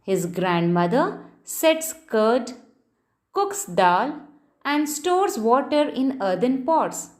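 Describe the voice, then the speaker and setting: A woman with an Indian English accent teaching a lesson to children, speaking slowly and patiently and spelling words out letter by letter. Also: a little high, sing-song. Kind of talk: scripted classroom lesson for children.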